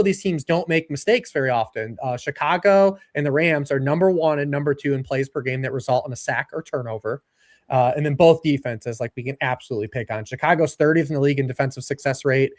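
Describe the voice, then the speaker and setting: A man analyzing sports in casual chat, reeling off stats quickly and dropping dry jokes. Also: a little high. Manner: rapid stat-heavy talk with dry jokes.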